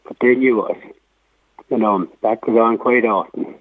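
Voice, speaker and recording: A man speaking as a radio guest over the phone, talking in a quick, conversational way. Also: lowish voice, fairly even intonation, no room sound. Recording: tinny phone line.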